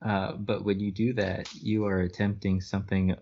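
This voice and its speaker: The muffled, lo-fi audio carries a deep, darkish male voice reading a book at normal speed in a level tone. He's a casual podcast co-host who laughs at the text and pokes wry fun at it.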